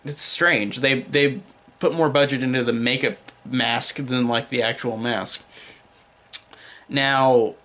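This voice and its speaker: A man's voice: mid-range voice, steady tone, slow pace, fairly bright tone. A young man giving a casual spoken film review, rambling with many fillers and restarts.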